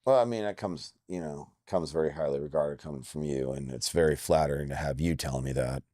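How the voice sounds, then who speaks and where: An MMA coach in his forties from Indiana, USA, speaks as an interview guest in a dark-toned voice, a little fast, recorded clean in the studio with no echo. His candid talk is blunt and emphatic, and he acts out quoted lines with jumps in pitch.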